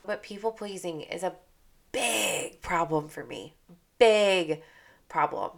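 A woman's voice: fairly low pitch, lively intonation, unhurried, creaky, fairly bright tone, breathy edge. A woman hosting her own podcast, talking candidly in a casual motivational monologue and repeating phrases for emphasis. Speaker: podcast host.

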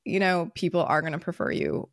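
A woman's voice: on the low side, wildly swooping pitch, fairly quick, vocal fry, dry recording, studio quality. An American woman co-hosting a podcast, chatting in a bubbly, talkative way. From United States. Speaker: podcast co-host. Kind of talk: casual chat.

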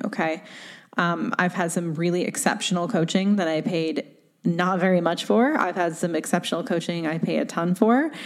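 A woman with a low-set voice gives a solo motivational talk as a coach. She speaks casually and candidly, leaning on fillers and quick tag questions. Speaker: podcast host and coach.

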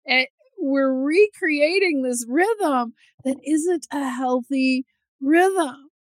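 Woman interviewer, affirming, reflective questions, higher voice, dry sound. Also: drawn-out words, no room sound. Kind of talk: conversational interview.

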